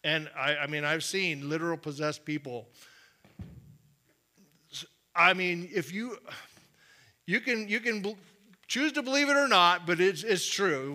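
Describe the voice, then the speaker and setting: Male pastor, conversational sermon, higher bright tone, quiet firm emphasis.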